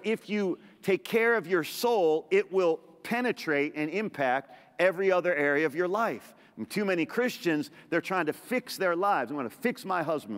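Emphatic preacher man in an echoey sanctuary. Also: fairly high pitch. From Middle Eastern background. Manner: emphatic preaching with repeated phrases and quick asides. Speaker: pastor. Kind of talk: sermon. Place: large church sanctuary. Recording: echoey church hall reverb.

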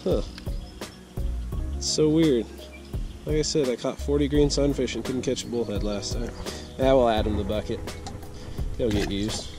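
A man's voice: mid-range voice, fairly even intonation, moderate pace, pauses often, music in the background. Chatty man fishing by a pond. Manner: chatty, self-amused, easygoing. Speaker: fishing channel host. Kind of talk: casual outdoor vlog. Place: outdoors at a pond and at home with a bait tank.

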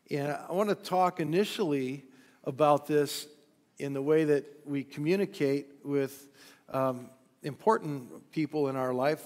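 During a live-streamed service in a church sanctuary, an American male pastor preaches in a relaxed, conversational manner. His voice is on the high side, full of fillers and a touch of dry humor, with a big-room sound.

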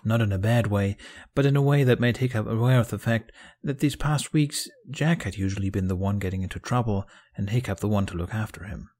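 A man narrating a fan fiction audiobook in a calm, even storytelling manner. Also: fairly low pitch, a little fast, few pauses.

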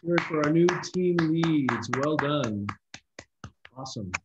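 A man hosting a casual online call, reading out names in an upbeat, brisk way. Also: fairly high pitch, expressive, reverberant, highs cut off, background noise. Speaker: host.

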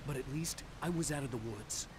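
An actor playing a game's protagonist, giving terse instructions and narrating in a steady voice. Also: male voice, mid-range voice, a little fast, slightly rough, low-quality recording. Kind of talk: game dialogue and narration.

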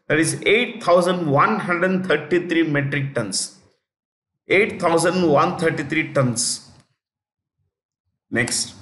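Echoey teacher dictating notes. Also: male voice, a little high, fairly bright tone. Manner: repeats key facts slowly for note-taking. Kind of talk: current affairs lecture. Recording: echoey room.

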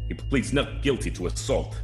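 A man's voice: mid-range voice, expressive, moderate pace, darkish tone, echoey room, faint music behind, voice pushed up, lightly acted. A man voicing a weary New York defense lawyer with a put-on brash accent. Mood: formal.

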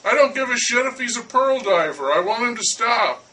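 A man voicing an irate French baker who shouts and blusters at a neighbor. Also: high-pitched, measured pace, far from the mic, low-quality recording. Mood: indignant. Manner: loud, indignant, blustering.

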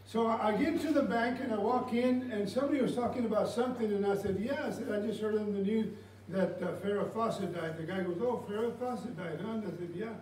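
A pastor delivers his sermon in a high-pitched voice, moving between storytelling and prayer. The sound is roomy and comes from some way off the mic, with faint room noise behind it. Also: fast talker. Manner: storytelling preacher, drops to a hush for prayer. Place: church sanctuary. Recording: roomy church sound from far off.

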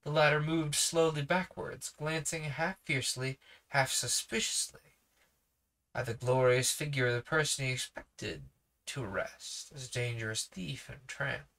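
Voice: medium pitch, unhurried, gravelly, a bit bright. A sleepy reader narrating a children's novel aloud with casual asides. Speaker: podcast reader.

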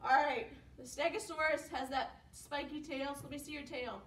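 A young woman leading a preschool storytime as a children's librarian, with lively gasps, whispers and sing-along songs. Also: sits high, normal speed. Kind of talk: preschool storytime reading and singing. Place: library room. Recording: echoey room, mic at a distance.

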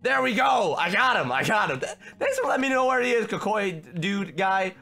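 A young man giving excitable, shouty commentary while playing a video game. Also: high-pitched, moderate pace, creaky, soft background music. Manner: shouty, reactive, frequent outbursts. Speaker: gaming video host.

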